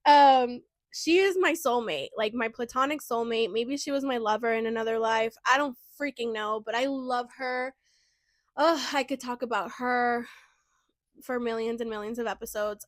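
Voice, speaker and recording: Young woman podcast host, high-pitched, super chatty, dry close sound. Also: moderate pace, no room sound. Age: 20s. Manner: chatty, animated, lots of "like" and "you know". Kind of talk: casual storytelling chat.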